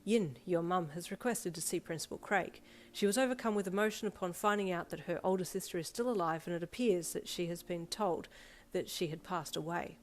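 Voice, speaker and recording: A woman's voice: fairly low pitch, a little fast, lightly acted. A woman reading aloud voices an earnest teenage boy who speaks stiffly and formally. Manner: stiff, formal, polite wording.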